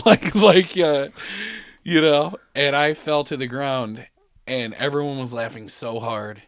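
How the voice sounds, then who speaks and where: A man's voice: mid-range voice, measured pace, dry recording, clean studio sound. Profane, laughing man telling a rambling story. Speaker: podcast storyteller. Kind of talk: casual chat. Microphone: podcast studio mic.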